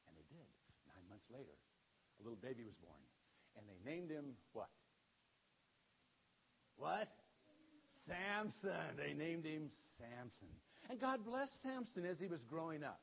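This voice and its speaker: A man delivers a children's story sermon in a folksy, informal retelling. His voice is high and very lively in pitch. The recording sounds dull and lo-fi. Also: measured pace, gravelly, pauses often, breathy edge.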